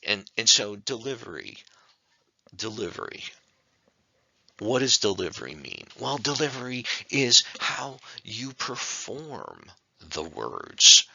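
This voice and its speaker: A man's voice: lowish voice, sing-song, slow pace, vocal fry, pushed and bright, slightly rough, no echo, lo-fi sound. A man teaching a speech class in a recorded online lecture, conversational and full of rhetorical questions. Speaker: speech instructor.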